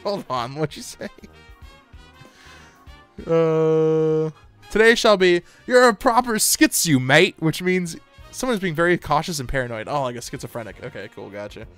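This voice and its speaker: A man's voice: a little high, normal speed, pauses often, clean tone, faint music behind. A man streaming live and chatting casually with his viewers, joking and laughing as he plays. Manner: joking, talks to chat, lively bursts of laughter.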